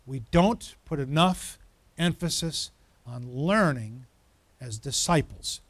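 A man's voice: medium pitch, animated, slow pace, fairly bright tone, no room sound. A man preaching an interactive sermon in church, asking the congregation questions and building to emphatic repetition. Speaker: pastor.

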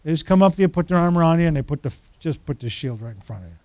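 Lively male preacher with a high voice, recorded dry and close; tells stories and acts out the people he quotes. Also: very fast, no echo. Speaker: pastor. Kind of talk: sermon.

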